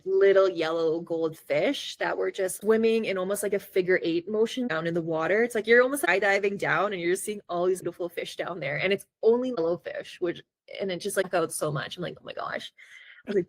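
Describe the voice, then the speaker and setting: Chatty low-voiced woman telling a story. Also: dry recording. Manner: chatty, lots of "like" fillers; acts out her own reactions in quotes. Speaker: podcast co-host. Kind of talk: casual storytelling.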